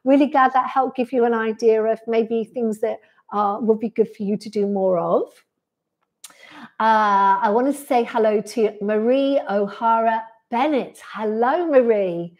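Pilates instructor, woman, slightly high voice, friendly and chatty with viewers. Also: a little slow, highs cut off. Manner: friendly, reads out viewer comments and replies to each. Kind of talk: chatty live-stream Q&A after class. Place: sunny room indoors.

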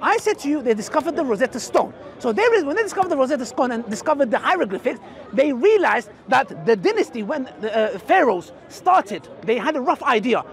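A man's voice: extremely high pitch, sing-song, a little fast. A man debating in an outdoor park, mocking and emphatic, talking to the crowd. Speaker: street debater. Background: crowd chatter.

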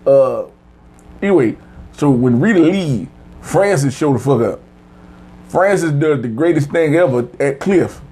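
A man co-hosting a casual, profane TV episode review, joking loudly and slipping into mock voices. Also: fairly high pitch, animated, measured pace, long pauses. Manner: loud joking, slips into mock voices and song.

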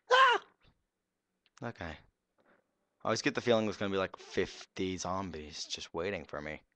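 A young man streams a game and talks through it in a goofy, excitable way. His low voice swings widely in pitch, and his pacing is unhurried. The recording is dry and close. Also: dry recording. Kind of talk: live game playthrough commentary.

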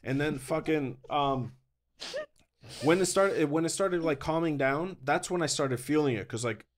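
A man's voice: a little high, measured pace, a little hiss or hum. Swearing, laughing storyteller man. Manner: rambling storyteller, swears often, laughs mid-sentence; does animated voices when quoting people. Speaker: podcast guest. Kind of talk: casual chat.

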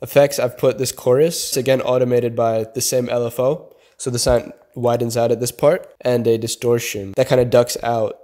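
Walking through his beat-making step by step, a young producer talks casually, dropping "kinda" and "like" often. His mid-range, dark-toned voice is flat and moves at normal speed with hardly any pauses, a beat faintly audible behind.

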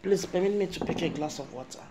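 A woman's voice: lowish voice, fast, noisy background. A middle-aged woman with a Nigerian accent, giving an emphatic, rambling spiritual monologue to camera as a vlogger. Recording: echoey room.

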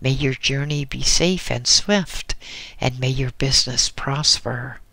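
A man's voice: mid-range voice, measured pace, gravelly, bright, forceful tone, no room sound, heavily acted. A man voicing an ancient, frail hermit who speaks mildly in a dry, cracked voice. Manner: mild. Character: ancient frail male hermit, mild and wise.

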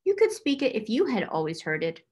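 A woman's voice: fairly high pitch, wildly swooping pitch, fairly quick, breathy edge, exaggerated voice. A woman doing a dreamy storytelling girl. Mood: earnest. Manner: earnest, gently explaining. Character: imaginative confident little girl, gentle storyteller.

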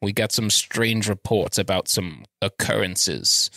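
A man's voice: fairly low pitch, measured pace, vocal fry, bright, forceful tone, dry recording, clean studio sound, exaggerated voice. A man voicing an irritable, blustering male inspector, with a put-on Australian accent that slips into British, rambling and stalling with fillers. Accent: put-on Australian slipping into British.

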